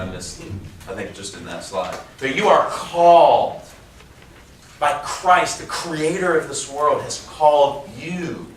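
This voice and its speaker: Pastor guy in his 30s preaching, mid pitch, very echoey hall, kinda far off mic. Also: fairly bright tone. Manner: emphatic, slows down on key phrases; conversational, jokes with the congregation. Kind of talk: sermon. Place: large church auditorium. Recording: echoey church hall, faint room noise.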